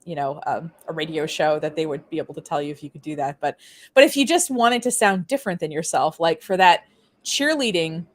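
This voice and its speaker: Hosting a laid-back conversation, this French Canadian-accented woman talks briskly in a low-sitting voice. She's chatty and meandering, leaning heavily on fillers.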